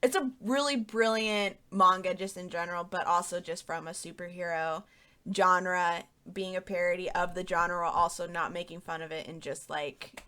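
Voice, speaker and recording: A woman's voice: on the low side, pushed and bright. A young woman hosting a manga book club podcast, chatting casually and rambling with lots of fillers. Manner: rambling, filler-heavy, laughs easily. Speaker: podcast host. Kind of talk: casual chat.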